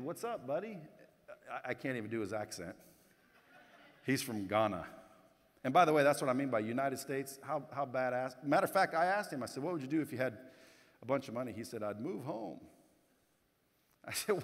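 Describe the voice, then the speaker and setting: Male keynote speaker, mid-pitched, blunt and casual, working the crowd, long hall reverb. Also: lively intonation, brisk. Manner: blunt, casual, swears, addresses the crowd directly. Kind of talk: motivational keynote speech. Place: conference hall stage.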